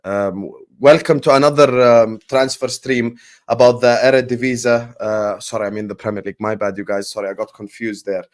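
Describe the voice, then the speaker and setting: A man hosting a football transfer talk show, chatty and energetic, repeating his points. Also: medium pitch, moderate pace. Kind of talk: casual football talk stream.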